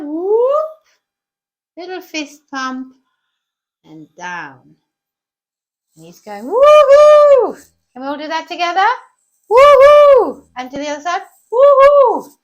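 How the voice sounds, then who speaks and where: A woman's voice: high-pitched, fairly bright tone. A woman giving a cheerful, encouraging drawing lesson to children, often asking the viewers questions. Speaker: children's art teacher.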